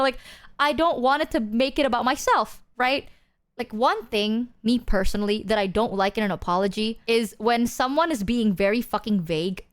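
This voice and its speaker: A woman's voice: sits high, fairly bright tone. A woman streamer chatting casually with viewers, candid and self-deprecating, swearing freely and restarting her sentences. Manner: restarts and filler-heavy.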